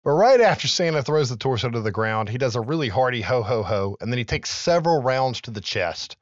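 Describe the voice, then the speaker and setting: A man's voice: mid-range voice, very animated, brisk, no echo, lo-fi sound. A man in his thirties, a podcast co-host, recapping a film in casual chat and acting out its lines with laughs.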